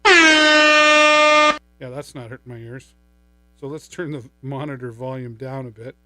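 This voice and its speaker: In a very noisy clip, a middle-aged man hosts a live shopping stream, demoing a microphone and mixer in an upbeat, playful chat. His voice is medium in pitch, his tone steady, and his pace moderate. He's recorded on a studio microphone running through a mixer.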